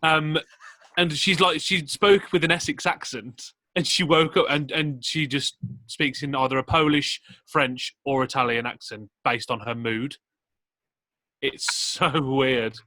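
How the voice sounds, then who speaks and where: A man's voice: medium pitch, steady tone, unhurried, pushed and bright, dry recording. A man co-hosting a podcast, eager and giggly in casual chat. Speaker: podcast co-host.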